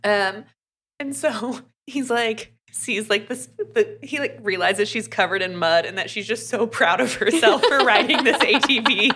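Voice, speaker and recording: A woman's voice: fairly high pitch, unhurried, pushed and bright, breathy edge. A young woman co-hosting a podcast, casually retelling a novel's plot with lots of "like" fillers. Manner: chatty, many "like" fillers, acts out characters' lines. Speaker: podcast co-host reviewing a romance novel.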